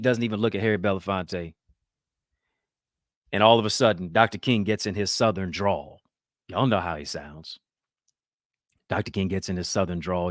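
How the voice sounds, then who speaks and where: Low-voiced man preaching to his viewers. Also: no room sound, clean studio sound. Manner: emphatic, preacher-like rhetoric. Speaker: talk show host. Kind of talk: motivational commentary.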